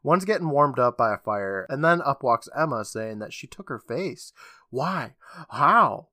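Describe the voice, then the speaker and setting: A man's voice: mid-range voice, expressive, normal speed, pushed and bright, no room sound, studio quality. A man co-hosting a casual podcast, recapping episodes with a chatty manner, acting out quotes and laughing often.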